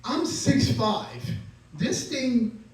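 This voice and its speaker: A man's voice: extremely high pitch, big pitch swings, drawn-out words. A man performing stand-up comedy, telling a self-mocking story and acting out the scenes. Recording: echoey room, distant mic.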